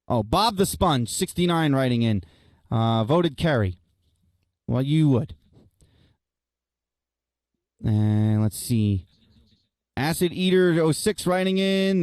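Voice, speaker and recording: A man's voice: on the high side, darkish tone, clear, resonant tone, dry recording. A young man hosting a radio show, reading listener messages and ranting bluntly with plenty of profanity, calling his listeners guys and folks. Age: young adult. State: out of breath. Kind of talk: opinionated talk radio rant.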